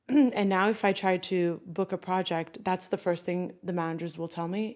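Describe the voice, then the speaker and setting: A woman's voice: on the low side, normal speed, a little mellow. A young woman from Turkey with no noticeable accent, a guest actress chatting casually on a podcast and using plenty of "like" fillers.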